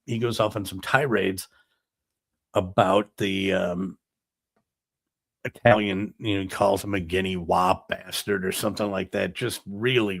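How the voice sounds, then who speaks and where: Male talk show host, low and gravelly, dry close sound, casual rambling delivery. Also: fairly bright tone, dry recording. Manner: rambling, filler-heavy retelling. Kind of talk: casual monologue.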